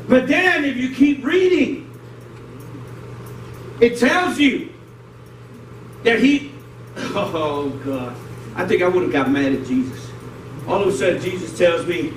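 A man's voice: very high-pitched, lively intonation, unhurried, pauses often. A Puerto Rican-born male pastor with a New York accent, preaching a joking, slangy sermon. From Puerto Rico. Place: church sanctuary. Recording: roomy hall, distant mic, noisy.

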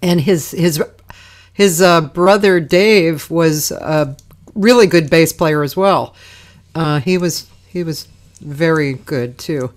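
A woman hosting a casual livestream chat over a video call, relaxed and rambling, with many fillers. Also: low-pitched, slow. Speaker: host.

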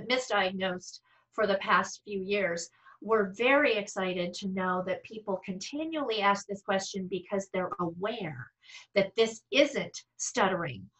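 A woman's voice: medium pitch, pushed and bright, poor audio. A middle-aged woman, a speech-language pathologist, talking casually to fellow clinicians with frequent restarts and self-deprecating asides over a video call.

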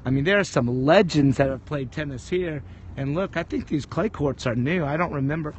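A man's voice: a little high, normal speed, a little hiss or hum. A man livestreaming from his phone while walking around a tennis ranch outdoors, chatting casually and rambling in an upbeat way. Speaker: livestream vlogger. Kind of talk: casual walk-and-talk livestream.

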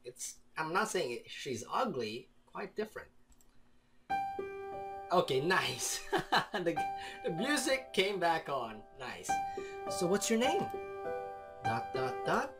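A man's voice: fairly high pitch, big pitch swings, takes it slowly, over music. A man from the Philippines playing a visual novel, reading its lines aloud with playful, jokey asides. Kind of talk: let's play commentary and narration.

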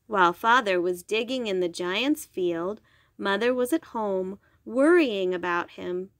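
A woman reading a bedtime story aloud, slowly and gently. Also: mid-range voice, animated, no room sound, clean studio sound. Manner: slow, gentle, clear.

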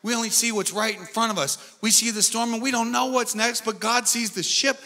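A man preaching a sermon as pastor, animated and swinging between loud and soft delivery. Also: very high-pitched, brisk, creaky. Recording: long hall reverb with faint music.

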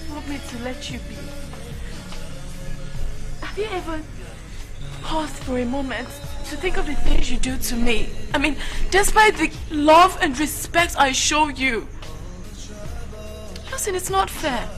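A woman's voice: high-pitched, a little slow, pauses often, over music. An actress playing a hurt young girlfriend who pleads and reproaches. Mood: pleading.

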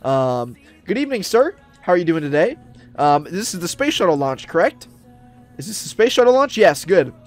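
A man's voice: on the high side, expressive, moderate pace, faint music behind. A man narrating a roleplay game for viewers, upbeat and chatty, with many fillers. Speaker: Roblox roleplay YouTuber. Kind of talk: excited gameplay narration.

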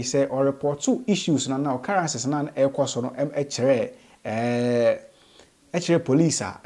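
Male Ghanaian news host, husky and mellow, earnest moralizing tone. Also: medium pitch. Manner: earnest, moralizing, repeats key phrases. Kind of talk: commentary mixing English and Twi.

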